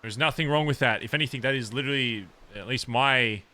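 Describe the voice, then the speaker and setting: This roleplay streamer has a sharp, medium-pitched voice and talks fast in casual end-of-stream chat. He addresses his viewers directly, checking in with them constantly and tossing in "okay?" again and again.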